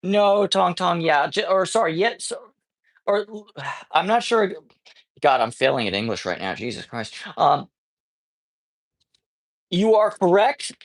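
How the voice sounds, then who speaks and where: A man's voice: sits high, lively intonation, a little slow, creaky, pauses often, poor audio. A man chatting casually on a livestream from his home, rambling playfully with many restarts. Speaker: streamer. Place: home with cats.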